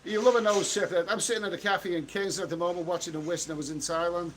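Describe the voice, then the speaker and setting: Middle-aged man, fairly high voice, blunt and chatty livestream host, outdoor street with faint traffic. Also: fairly even intonation, fairly bright tone. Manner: blunt, chatty, quick to snap at trolls. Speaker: travel vlogger reading live chat. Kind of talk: casual livestream chat.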